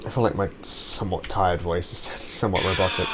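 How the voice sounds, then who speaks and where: A young man hosting his own gaming channel, rambling chattily while playing and shouting curses at the game. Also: low-pitched, moderate pace, hardly any pauses, noisy background. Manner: swears and yells at the game; chatty and rambling between outbursts. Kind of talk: gameplay commentary.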